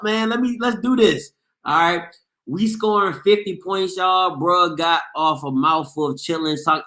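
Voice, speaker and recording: A man hosts a casual sports call-in show, joking and reading the chat out loud. His voice sits a bit high and sounds bright and forceful. It rings in a roomy, echoey space. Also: a little slow. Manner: loud and playful, reads chat aloud, bursts into shouts and laughs. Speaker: sports show host taking callers.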